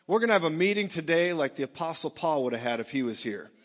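A man preaching a lively sermon to a church gathering, joking with the crowd and rising to shouts. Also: on the high side, quick pace. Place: church meeting hall. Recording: dull sound in a reverberant hall.

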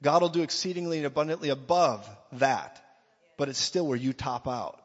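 A man delivers an emphatic, energetic sermon at a moderate pace, his voice a bit higher than most men's, slipping into mock voices for quoted lines. The recording is dull and lo-fi, with long reverb from a large hall trailing his words.

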